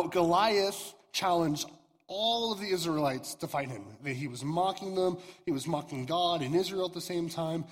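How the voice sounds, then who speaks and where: A young man, a youth pastor, retelling a scripture story to teenagers in a casual, halting way with fillers and restarts. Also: on the high side. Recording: reverberant hall.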